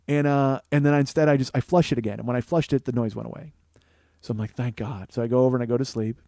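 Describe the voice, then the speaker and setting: Profane, animated male comedy storyteller. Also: mid-range voice, racing, gravelly, no room sound. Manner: profane, animated storyteller who laughs at his own jokes. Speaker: podcast host. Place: small studio, co-host close by. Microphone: studio microphone.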